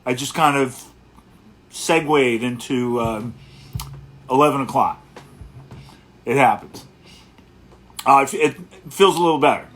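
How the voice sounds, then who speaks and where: A man, mid-pitched, who hosts a laid-back late-night livestream as a guitarist. He rambles easily, with plenty of pauses, and greets his viewers by where they are writing from. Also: a bit bright. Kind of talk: casual livestream chat.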